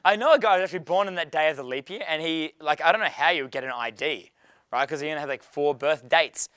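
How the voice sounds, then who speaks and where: Brash man coaching, bright voice. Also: on the high side, fast, smooth, no echo. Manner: brash, profane, laughs often. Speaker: dating coach. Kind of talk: live seminar Q&A.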